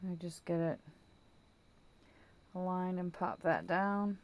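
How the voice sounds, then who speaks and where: A woman's voice: fairly low pitch, steady tone, takes it slowly, highs cut off. Chatty woman rambling through a craft demo. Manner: chatty, rambling, self-correcting; playful baby talk to her dog. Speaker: craft tutorial host. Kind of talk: casual how-to demonstration.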